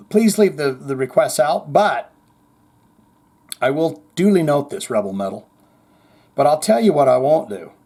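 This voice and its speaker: A man's voice: fairly high pitch, a little mellow. A man hosting a heavy metal news show, casually chatting and reading viewer comments in a blunt, sarcastic way with some swearing.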